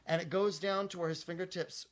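Guy with a slightly high voice, cracking crude jokes, telling a long animated story on a podcast. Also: a little fast. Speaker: podcast co-host. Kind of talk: casual comedic chat.

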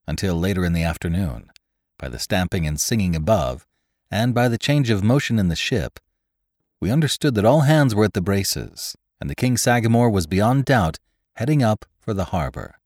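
Low-voiced man narrating a classic tale. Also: no room sound, clean studio sound. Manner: measured, expressive storytelling. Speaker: audiobook reader. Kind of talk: scripted narration.

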